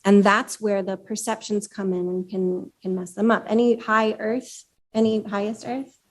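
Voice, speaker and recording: A woman's voice: mid-range voice, steady tone, moderate pace. A woman author giving a conversational workshop talk, explaining ideas and asking the room questions. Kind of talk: live talk to a room of women leaders. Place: room with an audience.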